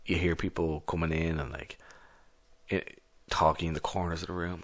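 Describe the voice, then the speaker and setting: A man's voice: deep voice, fairly quick, fairly bright tone. A man narrating a solo tabletop game in a casual, rambling way. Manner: casual, rambling, many restarts.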